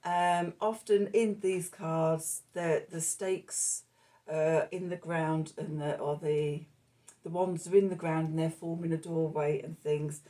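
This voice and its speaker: Slow, mellow woman reading tarot. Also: sits low, steady tone. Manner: meandering and reflective, many fillers. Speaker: tarot reader.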